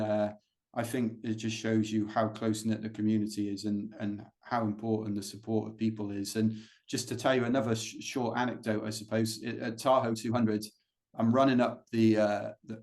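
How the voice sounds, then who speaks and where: A man's voice: fairly low pitch, a little mellow. A British man, an ultrarunner guest, talking casually in an interview, rambling on with lots of fillers and restarts. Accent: British English. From Britain. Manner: rambling storytelling with many fillers.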